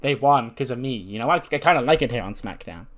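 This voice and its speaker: A man playing a sassy, boastful woman wrestler who takes all the credit for her team. She talks at an ordinary middle pitch with breezy confidence. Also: lively intonation, fast, a bit bright, lightly acted.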